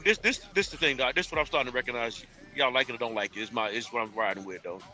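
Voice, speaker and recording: A man's voice: medium pitch, rapid-fire, bright, forceful tone, faint music behind. A man arguing his point in a casual podcast debate, emphatic and often restarting his sentences.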